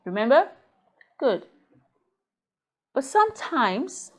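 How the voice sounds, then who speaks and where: A woman's voice: medium pitch, animated, unhurried, long pauses. A woman teaching English pronunciation, drilling word pairs one at a time and checking in with the class as she goes. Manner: drills minimal pairs, checks understanding with "Okay?" and "Clear?". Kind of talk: slow, deliberate phonics lesson.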